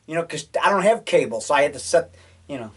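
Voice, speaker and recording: A man's voice: on the high side, expressive, fast, breathy edge. A man in his sixties chatting at home, rambling through a casual show-and-tell and dropping "man" and "you know" often. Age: 60s. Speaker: filmmaker showing his collection.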